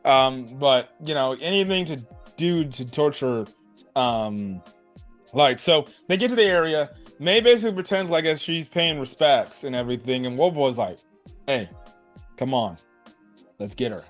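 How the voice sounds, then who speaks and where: A man's voice: fairly high pitch, lively intonation, normal speed, fairly bright tone, soft background music. A man casually recapping an anime episode in a slangy, rambling way, filling his talk with "like", "bro" and "right". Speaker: anime reviewer.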